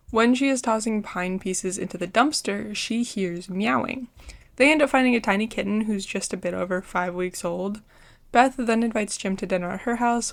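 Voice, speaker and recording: A woman giving a casual book review, retelling the story in an earnest, heartfelt way. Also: medium pitch.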